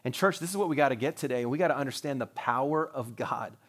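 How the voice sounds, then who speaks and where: A middle-aged man preaching a sermon as pastor, animated and joking, with chatty asides to the congregation. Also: medium pitch, quick pace.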